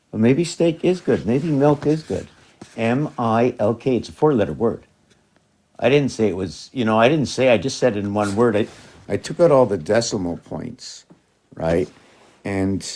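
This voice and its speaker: A man's voice: mid-range voice, mellow, slightly rough. A man in a rambling, casual monologue who talks to his cats in a raised, coaxing voice and jumps between loose ideas.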